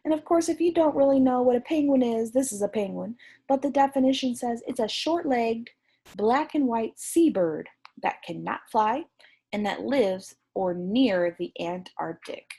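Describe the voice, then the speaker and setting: A woman teacher reads a picture book to young children, moving slowly and pausing to ask them questions. Her voice sits a little high, with a husky, gravelly texture. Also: expressive. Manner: slow, gentle and encouraging, with questions to the class. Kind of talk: reading a picture book aloud to young students.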